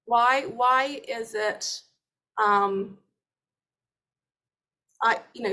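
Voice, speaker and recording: A woman's voice: medium pitch, fairly bright tone. A British woman in her forties hosting a casual webinar conversation, chatty and enthusiastic with plenty of fillers. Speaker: host.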